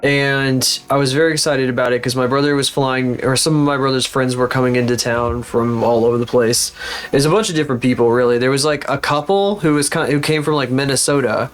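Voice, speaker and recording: A man's voice: mid-range voice, steady tone, a little fast, soft background music. A man streaming live as a VTuber, rambling and cursing in frustration while still recovering from being sick. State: recovering from illness. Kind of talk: casual live-stream chat.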